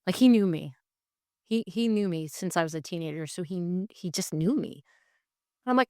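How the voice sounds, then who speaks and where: A woman's voice: mid-range voice, normal speed, darkish tone, dry recording, studio quality. A woman guest telling a personal faith story with candid feeling, talking straight and acting out the voices of the people in it. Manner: emotional, acts out the voices in her story; straightforward and frank. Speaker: guest sharing her faith testimony.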